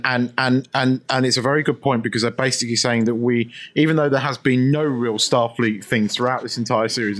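Man co-hosting a casual chat, mid-pitched, measured opinions, stumbles and repeats, swears casually. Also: a bit bright.

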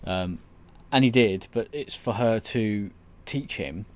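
Low-ish guy stumbling through a recap, ums everywhere, swears casually. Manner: hesitant, halting recap with frequent fillers, casual swearing. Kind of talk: casual chat.

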